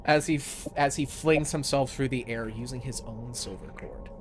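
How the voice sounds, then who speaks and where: A man narrating a tabletop game as game master, brisk and stumbling at times. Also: medium pitch, a crowd in the background.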